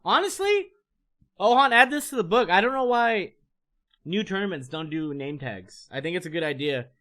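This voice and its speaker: A man telling a casual story on his stream, animated, profane and rambling. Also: sits high, normal speed.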